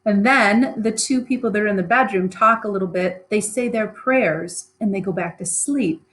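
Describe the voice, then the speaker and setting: A woman's voice: medium pitch, normal speed, fairly bright tone, rough recording. A woman teacher reading a play aloud and explaining it in chatty, plain modern words.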